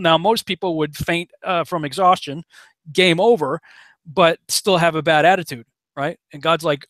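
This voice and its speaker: A man leading a casual online Bible study, animated, acting out quotes in a raised voice and chuckling often. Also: a little high, normal speed, dry recording. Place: home setup on a live broadcast.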